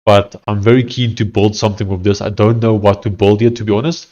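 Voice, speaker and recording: South African developer, lowish voice, hesitant think-aloud, muffled lo-fi sound. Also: male voice, level tone, fairly quick, warm tone. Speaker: software developer streamer. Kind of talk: casual live-coding commentary.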